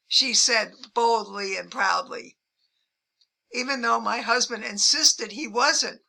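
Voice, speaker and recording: An older woman, a travel vlogger, telling amused anecdotes to the camera in a measured way and lifting her pitch when she quotes people. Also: gravelly, bright, forceful tone.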